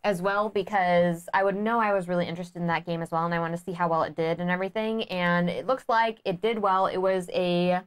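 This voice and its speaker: A woman's voice: lowish voice, steady tone, a little fast, few pauses, smooth. Giggly enthusiastic woman co-host. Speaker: board game crowdfunding show co-host. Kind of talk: casual chat.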